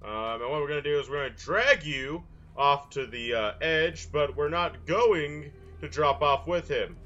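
A man's voice: on the high side, a little slow, bright, forceful tone, dull audio, faint music behind. A young man casually commenting on his gameplay in a goofy way, full of silly mild exclamations. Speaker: gameplay video host. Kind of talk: casual let's-play commentary.

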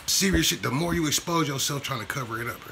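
Guy ranting on his vlog, gravelly and forceful, cussing and repeating himself, faint noise behind. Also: medium pitch, fast talker. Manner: profane, repetitive, slangy street talk. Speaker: vlogger. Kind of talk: casual commentary rant.

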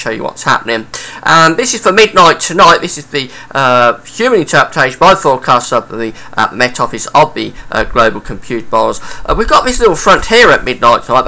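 A man giving a casual weather forecast update, talking through the charts with frequent uhs and pauses. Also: medium pitch, bright, forceful tone.

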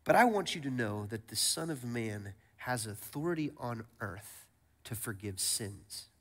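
A man preaching, quietly voicing a calm, gentle adult Jesus in a softer, lower voice. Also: unhurried. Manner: soft, quiet, relaxed. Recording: long church hall reverb.

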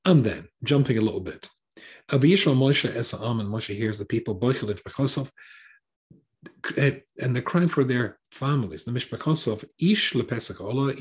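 A man's voice: on the low side, lively intonation, moderate pace. A man teaching a Torah class as a rabbi, translating line by line with wry, sarcastic asides and hesitant restarts.

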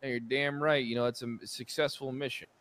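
A man's voice: medium pitch, steady tone, brisk. A man streaming a roleplay game, trading profane, wisecracking banter in character. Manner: profane, wisecracking, yells at drivers.

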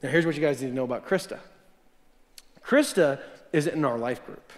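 A man preaching to his church in a casual, storytelling way, his voice sitting a bit high for a man. He chuckles as he talks and keeps things conversational. The sanctuary gives his voice a long trailing reverb. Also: brisk. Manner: conversational and animated, chuckles mid-sentence. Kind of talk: sermon told as a personal story.

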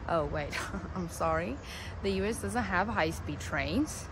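A woman's voice: lowish voice, animated, measured pace, heavy background noise. A woman from Africa, hosting a vlog in a chatty, joking way and reading facts aloud. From South Africa. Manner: chatty, joking, self-correcting. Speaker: vlogger. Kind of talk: casual vlog chat and read-out narration. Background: loud background music.

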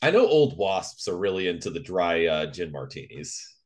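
A man's voice: deep voice, big pitch swings, normal speed. A man co-hosting a podcast in casual chat, laid-back with dry humor and frequent laughs. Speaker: podcast co-host.

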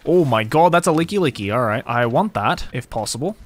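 A man streaming a video game live, commenting excitedly with lots of slang and swearing. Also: mid-range voice, moderate pace, long pauses, faint music behind.

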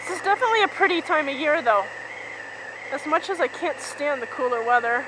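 A woman's voice: high voice, expressive, a little fast. A middle-aged woman vlogging casually while out on a bike ride, rambling and chatty, laughing easily. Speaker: vlogger riding a motorcycle. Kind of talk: casual chat while riding. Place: outdoors on a bike. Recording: loud road and wind noise.

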